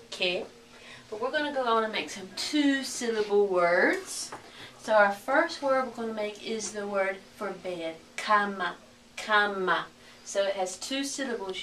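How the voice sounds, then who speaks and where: A woman teaching a recorded lesson, speaking slowly and clearly and repeating each word for her learners. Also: mid-range voice, a bit bright, roomy sound, distant mic.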